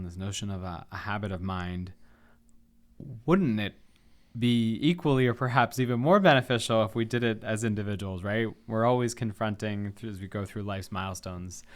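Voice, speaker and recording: Low-voiced man hosting a podcast. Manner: reflective, steers the conversation with questions. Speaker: podcast host. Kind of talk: conversational interview.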